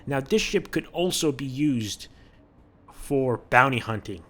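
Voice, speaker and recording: A man's voice: mid-range voice, animated, measured pace, a bit bright. A man giving casual, chatty commentary over gameplay, often repeating words as he thinks aloud. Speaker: gaming video creator.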